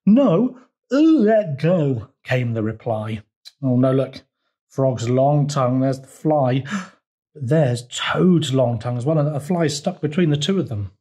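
A man's voice: mid-range voice, measured pace. Man reading a picture book to children. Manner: gentle, pointing things out to children. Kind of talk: children's storytime read-aloud.

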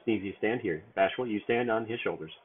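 A man's voice: fairly low pitch, brisk, slight background noise, pitched above the performer's own voice, natural voice. A man voicing an old male dwarf leader who gives instructions in a plain, directing tone close to his own voice, over a tinny phone-like line.

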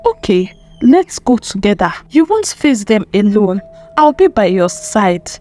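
A woman's voice: medium pitch, sing-song, measured pace, a little mellow, soft background music. A woman with a Nigerian accent voicing a loyal young female friend, assertive and reassuring.

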